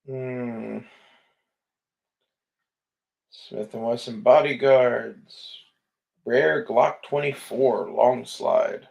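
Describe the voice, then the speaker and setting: A man's voice: medium pitch, fairly even intonation, very slow, vocal fry, a little mellow, lo-fi sound. A man giving casual, rambling commentary on gun listings, laid-back and sleepy, swearing often and trailing off with fillers. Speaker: gun vlogger browsing listings.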